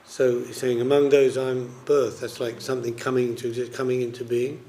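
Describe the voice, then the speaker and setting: A man's voice: mid-range voice, level tone, fairly quick, dark tone, slight background noise. A man leading a scripture study group, explaining verses casually with many fillers. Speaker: class leader.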